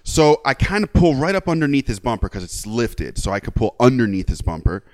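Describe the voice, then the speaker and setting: Animated swearing man ranting. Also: mid-range voice, a little fast. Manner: animated, swears, acts out quotes. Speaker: podcast co-host. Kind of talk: casual chat, storytelling a rant. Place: Los Angeles area.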